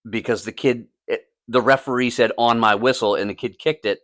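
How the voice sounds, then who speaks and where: A man's voice: mid-range voice, steady tone, a little fast, fairly bright tone, no echo, studio quality. A man co-hosting a casual podcast, telling a story with lots of swearing and acted-out quotes, a youth soccer coach. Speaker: podcast co-host. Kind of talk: casual chat.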